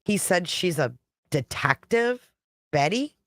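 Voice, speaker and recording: A woman's voice: fairly low pitch, big pitch swings, slow, fairly bright tone, no room sound, clean studio sound. A woman YouTube creator talking casually on a live stream, chatty and blunt, reading viewer comments and swearing now and then.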